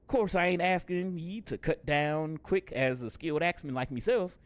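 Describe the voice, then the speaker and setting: A man voicing a gruff, boastful male axeman who talks in a folksy, pirate-like way, reading game lines aloud. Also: on the high side, moderate pace, pitched above the performer's own voice, lightly acted. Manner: swaggering, folksy old-timey talk.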